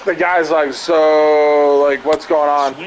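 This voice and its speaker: A man's voice: on the high side, little pitch movement, slow, rough recording. A young man casually telling a long story, rambling and swearing with lots of fillers. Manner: rambling, profane, many "like" fillers. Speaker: streamer.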